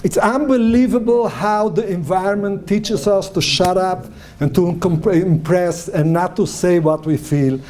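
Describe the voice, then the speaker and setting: A man's voice: high-pitched, measured pace. A man, a rabbi giving a lecture who animatedly tells stories and acts out what people said. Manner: animated storyteller acting out quoted speech. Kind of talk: lecture on marriage and emotions.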